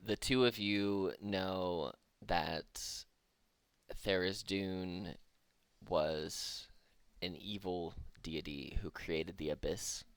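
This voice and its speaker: A man narrating as the game master of a tabletop game, unhurried and hesitant, with many pauses and fillers. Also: low voice, vocal fry, no room sound.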